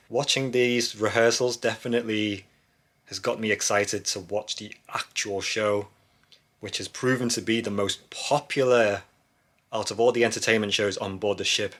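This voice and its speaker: A man talking casually and enthusiastically as a travel vlogger, chatting to the camera. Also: lowish voice. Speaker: cruise vlogger. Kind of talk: casual vlog narration. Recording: loud music behind the voice.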